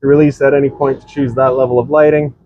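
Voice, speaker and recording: Talking fast at a medium pitch and in a level tone, a presenter walks viewers through a travel trailer for an RV sale, first outside, then inside. The man's tour is casual, practical and instructive, though the audio has its highs cut off.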